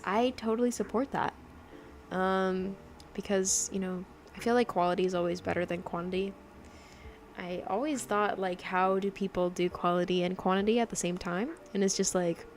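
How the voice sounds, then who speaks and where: A chatty young woman streams her drawing session. She rambles casually, laughs often and leans on fillers, and her accent drifts in a loose mix of mimicked ones. Her voice has a gravelly, fry-tinged edge over faint background ambience. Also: medium pitch, slight background noise. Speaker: digital artist livestreaming. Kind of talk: casual livestream chat while drawing.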